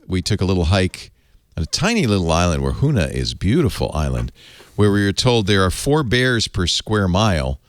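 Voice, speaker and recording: Middle-aged guy hosting a tech chat, low voice that swings all over, dry close sound. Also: no room sound. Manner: jokey, animated storyteller. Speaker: host. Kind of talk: casual panel chat.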